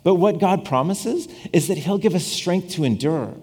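A male preacher gives a conversational sermon and keeps circling back over his own phrases. His husky voice swings widely in pitch as he plays out the voices in his story. The sound carries a long reverb, as in a large church hall. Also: lively intonation, moderate pace, a little mellow. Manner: conversational, repeats and restarts phrases, acts out quoted voices with humor. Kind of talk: casual sermon.

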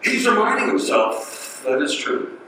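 A man preaching a sermon in a conversational way, with pauses and rhetorical questions, recorded from a distance in an echoey hall. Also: high-pitched, very animated, bright, forceful tone, slight background noise.

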